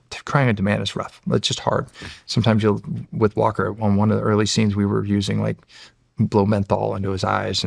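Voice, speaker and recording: A man's voice: on the low side, gravelly, no echo, studio quality. A man in his forties, a podcast guest, telling a long, emotional story in a rambling way with many restarts. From United States. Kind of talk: casual storytelling.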